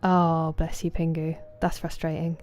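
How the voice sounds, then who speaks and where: A woman's voice: low voice, flat delivery, unhurried, darkish tone. A young woman streaming a game, chatting casually with viewers and greeting them by name. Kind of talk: casual chat with viewers while gaming. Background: game music.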